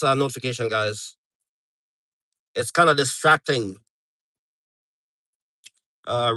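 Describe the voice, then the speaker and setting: A middle-aged man from Canada rambles through a casual live stream chat, full of fillers and restarts. His voice sits a bit high for a man. The sound is dry and close. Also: pushed and bright, no echo, poor audio.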